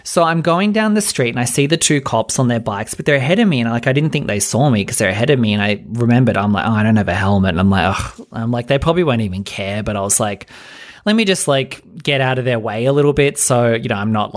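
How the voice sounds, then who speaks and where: A man's voice: mid-range voice, animated, fast talker. A young man hosting a podcast, telling a story as a casual rant, chatty and exasperated, full of fillers and swearing. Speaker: podcast host.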